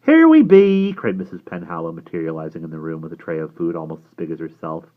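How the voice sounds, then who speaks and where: Low-voiced man reading a novel aloud. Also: quick pace. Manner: lively storytelling reader who raises his voice for characters. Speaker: audiobook reader. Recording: tinny phone-like sound.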